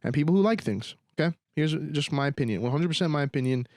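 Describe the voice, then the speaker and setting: A man's voice: on the high side, expressive, fast talker, a little mellow, no echo, clean studio sound. A young man hosting a solo podcast, ranting in casual slang and leaning on sarcasm. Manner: slangy, repeats "dude" and "bro", sarcastic. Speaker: podcast host.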